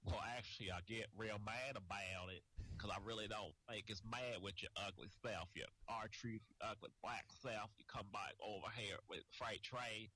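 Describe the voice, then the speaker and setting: A man doing an impression of a blustering, trash-talking male wrestler, delivered as a slow, threatening promo drawl. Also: lowish voice, sharp tone, husky, no room sound.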